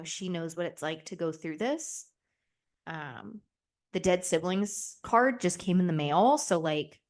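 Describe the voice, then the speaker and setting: A woman in her twenties chatting candidly on a podcast, rambling with lots of fillers and casual swearing. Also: fairly low pitch. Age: 20s. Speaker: podcast host.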